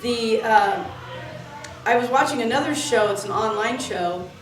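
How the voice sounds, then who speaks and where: Speaking a bit high and briskly, this club employee from Florida wanders through lively anecdotes, jumping between tangents and leaning on fillers. Faint music plays behind her, and the echoey indoor room, distant mic and faint noise mark the recording inside the club building.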